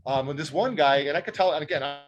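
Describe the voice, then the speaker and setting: Fast-talking husky man. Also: a little high, lo-fi sound. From Detroit, United States. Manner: animated, emphatic, repeats words when excited. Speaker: guest speaker. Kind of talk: personal storytelling in an interview.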